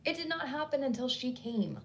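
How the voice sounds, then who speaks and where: A woman's voice: high voice, expressive, brisk, a little hiss or hum, voice pushed up. A woman reading as a curt, cold woman. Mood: curt, angry. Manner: curt and clipped, defensive.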